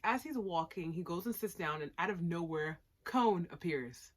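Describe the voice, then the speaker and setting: A woman's voice: fairly low pitch, expressive, normal speed. A young woman casually reviewing an anime episode at home, slangy and sarcastic with giggly asides. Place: home room with plushies.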